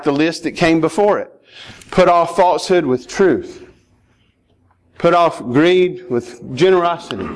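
A male pastor delivers a sermon in a somewhat high-pitched voice. He talks emphatically, pressing his listeners directly and pleading with them. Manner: emphatic, rising to urgent pleading.

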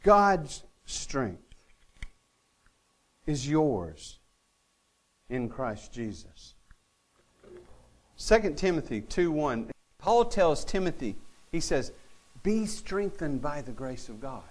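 A man's voice: on the high side, big pitch swings, slow pace, long pauses. Earnest male pastor preaching a sermon. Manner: earnest, with dry humor and wide swings from loud to quiet.

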